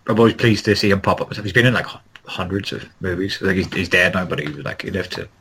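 A man's voice: sits low, quick pace, fairly bright tone, slight background noise, rough recording. A man in a casual film podcast chat, rambling and searching for words and swearing now and then. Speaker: podcast co-host.

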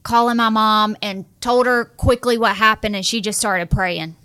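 Young woman guest. Bright, clear voice; earnest, animated storytelling. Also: medium pitch, moderate pace. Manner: earnest, animated, acts out quoted dialogue. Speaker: guest sharing her marriage story. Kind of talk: emotional personal storytelling.

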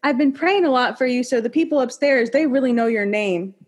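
A woman's voice: high voice, a little fast, a little hiss or hum, natural voice. A woman voicing a sweet, chatty older Southern woman who gushes kindly. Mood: gushing.

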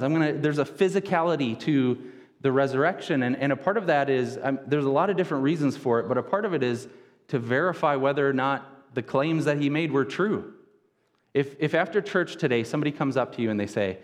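A man's voice: medium pitch, brisk. A man in his thirties preaching a sermon in a conversational, casual way, often repeating words as he goes. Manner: conversational, casual wording, frequent word repeats. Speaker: pastor. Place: church sanctuary. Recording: long reverb of a church hall.

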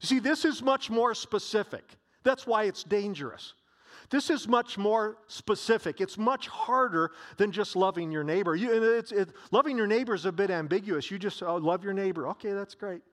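A man's voice: high-pitched, lively intonation, moderate pace, fairly bright tone. A man preaching a sermon to a congregation in a church, emphatic and repeating his key phrases.

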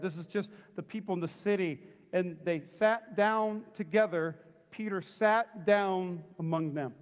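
A man's voice: sits high, big-room sound. A middle-aged man preaching a sermon as pastor, acting out the voices of people in the story. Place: church sanctuary.

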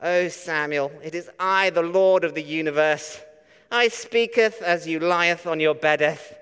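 A preacher putting on a pompous booming God voice. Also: male voice, measured pace, fairly bright tone, clean tone. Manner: grandiose, old-fashioned churchy delivery. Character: pompous archaic-speaking God, booming male deity. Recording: echoey church hall.

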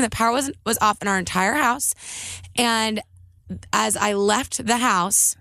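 A woman with a gravelly, fry-tinged voice tells a story in casual podcast chat. She piles on "like" and acts out her own quoted lines. The sound is dry and close, with no room echo. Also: a little high, steady tone, normal speed, sharp tone. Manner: breathless storytelling, full of "like". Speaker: podcast co-host.

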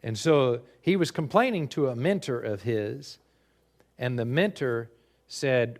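A man preaching a sermon as pastor, animated and rising loud on key points, recorded for a live stream. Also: medium pitch, a little slow.

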